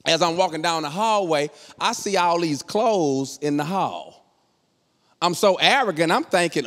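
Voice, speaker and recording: Animated storytelling man, long reverb. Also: high voice, moderate pace. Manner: animated, acts out voices in his story. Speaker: comedian. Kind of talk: storytelling stand-up comedy.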